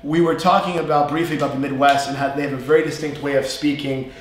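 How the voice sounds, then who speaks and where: A man with a New York accent teaching a relaxed live English lesson, chatty and animated, often mimicking regional accents. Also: on the high side, quick pace. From USA. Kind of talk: live-streamed casual lesson. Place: language school classroom. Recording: very echoey room, faint noise.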